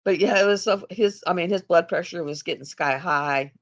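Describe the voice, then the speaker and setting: A woman's voice: on the low side, normal speed. A middle-aged woman, hosting a casual live chat and rambling through stories with frequent laughter. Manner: rambling, laughs often, acts out other people's voices. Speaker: livestream host.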